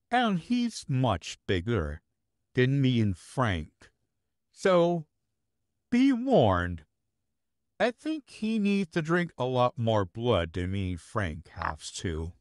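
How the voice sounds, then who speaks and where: A man's voice: medium pitch, no room sound, studio quality. A man playing a flirty teasing vampire. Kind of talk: listener role-play audio.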